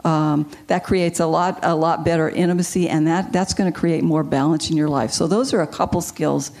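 A woman guest, a marriage counselor, giving advice in a measured way and explaining with example phrases. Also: sits low, steady tone, darkish tone.

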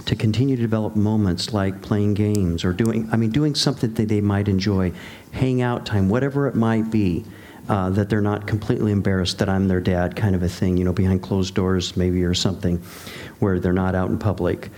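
A man with a fairly low voice hosts a casual discussion and speaks as a father. He talks in a measured way and sums up the points others have made. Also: steady tone, a little mellow.

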